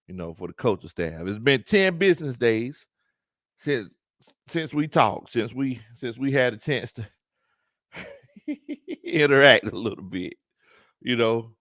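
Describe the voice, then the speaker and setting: A man hosting a live sports talk stream, animated, laughing often and greeting his chat. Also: medium pitch, measured pace, pauses often, dry recording, clean studio sound. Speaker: sports talk show host.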